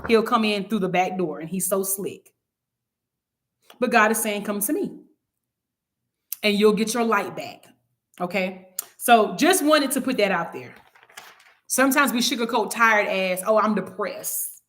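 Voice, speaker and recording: A woman's voice: medium pitch, expressive, measured pace, pauses often, a bit bright. Woman teaching a casual Bible study. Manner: conversational, preachy, acts out little quoted scenes.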